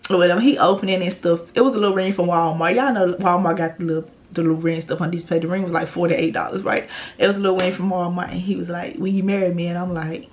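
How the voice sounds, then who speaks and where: A woman's voice: on the low side, fairly even intonation, fast talker, slight background noise. A young woman vlogger, telling a blunt, profane story in casual storytime style.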